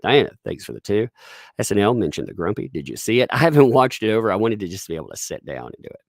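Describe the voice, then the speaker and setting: A man's voice: fairly low pitch, very animated, fast, creaky, no room sound, studio quality. A man with a Southern US accent, chatting casually on a live stream, rambling with restarts and frequent chuckles as he reads viewer tips.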